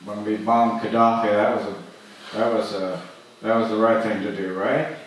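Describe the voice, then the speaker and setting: A man doing an open-mic stand-up set in a comedy club, halting often with uhs and restarts. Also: on the low side, fairly even intonation, distant mic, slight background noise. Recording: echoey club miked from afar.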